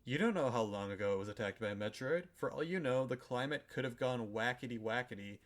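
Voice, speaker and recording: A man's voice: medium pitch, fast talker. A man hosting a podcast, casually recapping a game's story in a rambling, irreverent way, with lots of swearing and filler words. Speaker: podcast host. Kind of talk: casual chat recapping a video game.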